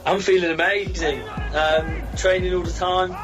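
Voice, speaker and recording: A man's voice: high voice, little pitch movement, normal speed, music in the background, crowd noise, low-quality recording. A man from Cornwall, a boxer guesting on a podcast, cheerful and upbeat in casual chat. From Cornwall, England.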